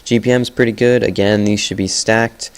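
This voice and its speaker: A man's voice: lowish voice, steady tone, moderate pace, a little hiss or hum. A young man giving casual, chatty commentary on a game replay, blunt and often correcting himself.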